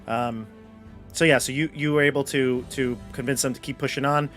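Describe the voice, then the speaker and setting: Man, dungeon master, relaxed, rambling, middle pitch, faint background music. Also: normal speed. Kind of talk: running a tabletop game.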